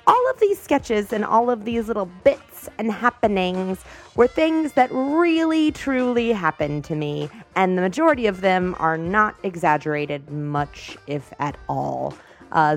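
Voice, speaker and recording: A woman hosting a comedy podcast, playful and self-mocking as she tells funny true stories. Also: mid-range voice. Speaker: podcast host. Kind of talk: comedy podcast intro and storytelling.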